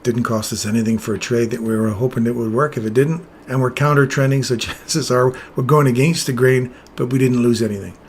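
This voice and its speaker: A man's voice: mid-range voice, steady tone, brisk, hardly any pauses, a little hiss or hum. A man explaining chart setups in casual live trading commentary, chatting with viewers as he goes. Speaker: trading streamer.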